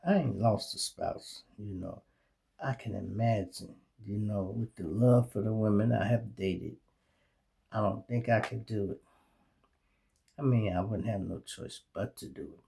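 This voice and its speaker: A middle-aged man with a Chicago accent hosting his own show, telling animated, streetwise stories in a casual monologue full of profanity. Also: lowish voice, a little slow, creaky. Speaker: show host.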